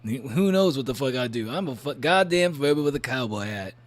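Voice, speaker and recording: A man voicing a boastful male cowboy Furby toy in a put-on cowboy drawl, loud and whooping. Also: mid-range voice, animated, a little fast, close to an everyday voice.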